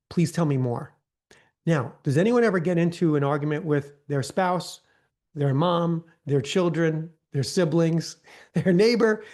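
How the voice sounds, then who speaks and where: A man with a fairly high, slightly mellow voice runs a live online training through a video call. He coaches in a chatty way and regularly asks "okay?" and "right?"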